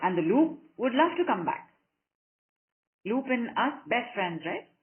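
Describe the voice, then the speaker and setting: A woman coaching a group over an online call, encouraging and affectionate, repeating short phrases in a steady rhythm. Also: a little high, measured pace. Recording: narrow phone-like call audio.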